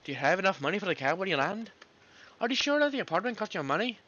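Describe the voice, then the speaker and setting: A man voicing an anxious, fussing mother in a botched Scottish accent, firing off rapid questions. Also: high-pitched, very animated, bright, forceful tone, pitched above the performer's own voice, full character voice. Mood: fretful. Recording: dull lo-fi.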